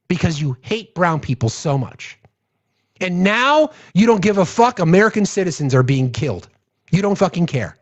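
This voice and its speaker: A man's voice: sits high, big pitch swings, moderate pace. A man hosting a political commentary show, ranting angrily and profanely and reading legal text aloud. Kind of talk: angry political rant. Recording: dull lo-fi audio.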